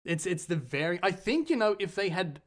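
A man's voice: high-pitched, very animated, fairly quick. An Australian man co-hosting a casual film review chat, enthusiastic and thinking aloud. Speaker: podcast co-host.

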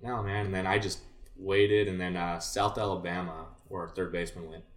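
A young man with a very low-pitched voice tells a long rambling story, slipping into quoted dialogue as he goes. The room echoes around him. It sounds like a relaxed, casual conversation. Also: normal speed. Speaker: guest, former baseball player.

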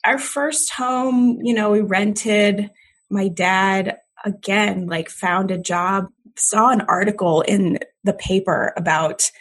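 This is a middle-aged woman from Jamaica chatting as a podcast guest, her speech fully American. Her voice sits a little low and has a husky, breathy edge. She talks in an animated, self-deprecating way and laughs easily. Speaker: podcast guest, comedian and author. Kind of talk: casual interview conversation.

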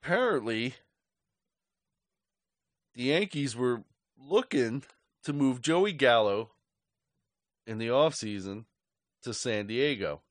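A man's voice: medium pitch, expressive, takes it slowly, pauses often, no echo. A man hosting a sports fan show, ranting angrily with heavy swearing in a rambling, off-the-cuff way. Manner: angry, profane, rambling. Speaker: sports podcast host.

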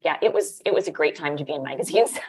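Chatty middle-aged woman telling lively anecdotes. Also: low voice, a little fast. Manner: animated, lots of "like", laughs often. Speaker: guest, former magazine editor. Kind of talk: casual interview storytelling.

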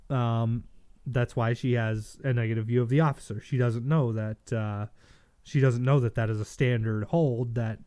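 A man hosts a solo livestream of casual political commentary, reading news aloud and offering his opinions, often restarting and correcting himself. His voice is mellow and medium in pitch, with a clean studio sound and no room echo.

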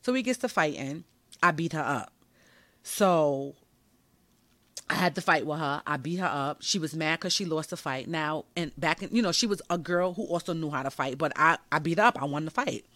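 Animated, candid woman telling a story. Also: deep voice, normal speed, no echo. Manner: candid and animated, slangy, swears freely. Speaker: podcast host. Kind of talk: personal storytelling monologue.

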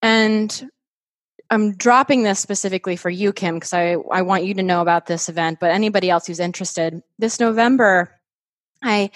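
A woman's voice: lowish voice, dry recording, clean studio sound. A woman guest on a podcast, talking in a chatty, enthusiastic way with many filler words. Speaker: podcast guest and host of her own show. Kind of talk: casual podcast conversation.

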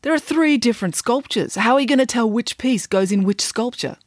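A woman reads a grumpy, vain art teacher from a children's storybook. He is brusque and dismissive, and his pitch rises and falls a lot. The voice sounds close and dry, with no room around it. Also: lively intonation, a little fast, dry recording. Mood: gruff.

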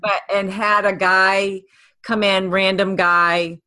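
A woman interviewer chatting casually, speaking sympathetically in halting phrases. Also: mid-range voice, little pitch movement, sharp tone, dry recording.

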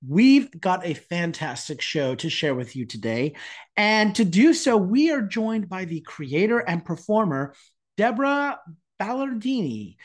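A man hosting a theater podcast, reading an enthusiastic intro and asking interview questions. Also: high voice. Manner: upbeat, enthusiastic presenter. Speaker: podcast host.

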